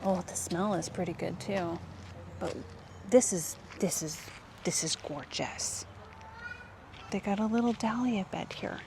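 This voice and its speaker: Woman, gardening vlogger, excitable and wonder-struck, outdoor camera audio with faint background noise. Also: medium pitch, a little slow, gravelly, pauses often. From Canada. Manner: gushing, exclamatory, often drops to a hush. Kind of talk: casual walk-and-talk vlog.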